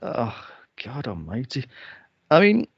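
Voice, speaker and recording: Gravelly, sarcastic man. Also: huge pitch swings, takes it slowly, dry recording. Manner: sarcastic, profane, mocks with shrill impressions. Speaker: podcast co-host reviewing a film. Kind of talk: casual chat. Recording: dull lo-fi dry podcast audio.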